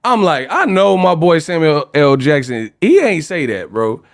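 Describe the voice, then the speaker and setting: A man from California hosting a livestream, ranting casually in an animated, slangy, joking way. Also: a little high, a little slow, gravelly. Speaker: host.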